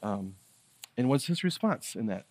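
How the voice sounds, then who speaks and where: A male pastor delivering a relaxed, chatty sermon with plenty of fillers and restarts. He sits at an ordinary middle pitch and grows louder and more intense when he dwells on wonder. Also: normal speed. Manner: casual, conversational preaching with many fillers.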